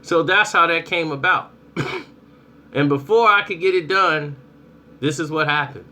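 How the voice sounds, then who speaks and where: A young adult man giving casual spoken commentary on his channel, telling stories in a lively way and acting out people's reactions. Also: on the high side, a little slow. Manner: animated storytelling, acts out reactions. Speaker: vlogger.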